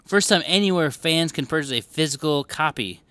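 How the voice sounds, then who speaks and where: Bright, clear-voiced man co-hosting a podcast. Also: on the high side, animated, normal speed, no echo. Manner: laid-back, swears casually, laughs often. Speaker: podcast co-host. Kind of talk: casual chat. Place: record store.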